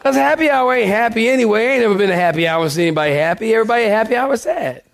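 A man preaching a sermon as pastor, animated and joking, calling out to the congregation. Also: sits high, racing, vocal fry, a faint crowd.

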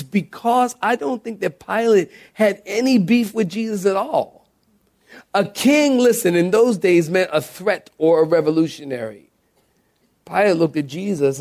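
A gravelly man preaching a sermon in a church. He is animated and acts out the voices he quotes, slipping into fillers along the way. His voice sits a little high. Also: normal speed. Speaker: pastor. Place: church, live audience.

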